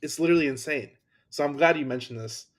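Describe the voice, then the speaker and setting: A man's voice: fairly high pitch, quick pace. Enthusiastic man hosting a podcast. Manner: enthusiastic, repeats words. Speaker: podcast host. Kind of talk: casual interview talk.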